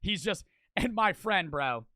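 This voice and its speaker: A young man reacting to a video and telling a story, loud and excitable, swearing often. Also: high voice, measured pace, dry recording. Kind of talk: profane animated storytelling.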